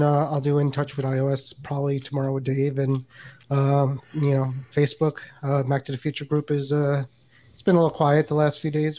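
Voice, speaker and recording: A man co-hosting a casual tech podcast, relaxed and rambling, often correcting himself mid-sentence. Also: fairly high pitch. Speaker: podcast co-host.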